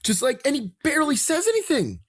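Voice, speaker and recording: A man guesting on a podcast, chatting casually with wry, animated delivery. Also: very high-pitched, fast, dry recording, studio quality. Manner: animated, wry, drops into flat mock quotes.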